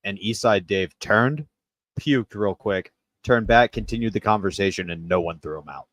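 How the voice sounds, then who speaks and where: A man's voice: fairly low pitch, normal speed, a bit bright, no room sound. A man co-hosting a podcast, trading dry jokes in casual chat. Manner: dry, joking. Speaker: podcast co-host.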